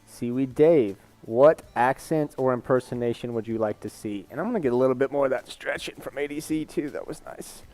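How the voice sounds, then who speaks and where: A man's voice: medium pitch, moderate pace, a little mellow. Rambling candid male streamer. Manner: rambling, candid, reads chat aloud. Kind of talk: casual live-stream chat.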